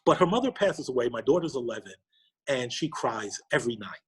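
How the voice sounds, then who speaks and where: A middle-aged man from New York, a podcast guest, telling a personal story with lively quoted dialogue. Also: mid-range voice, brisk, breathy edge. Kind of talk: storytelling interview.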